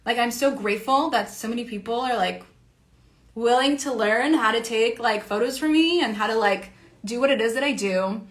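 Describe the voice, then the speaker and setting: A woman with a slightly higher-than-average voice, talking off the cuff in a loose, rambling monologue. She swears freely and fills her sentences with "like" as she chats about her work as an online creator. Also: normal speed. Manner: rambling and profane, heavy use of "like". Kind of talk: casual monologue.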